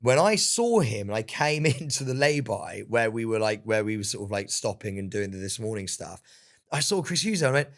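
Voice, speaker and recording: A young man, chatting casually as a podcast guest, telling an animated story and calling everyone "mate". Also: fairly low pitch, brisk. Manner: animated storytelling, swears, says "mate" a lot. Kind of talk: casual chat. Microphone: studio microphone.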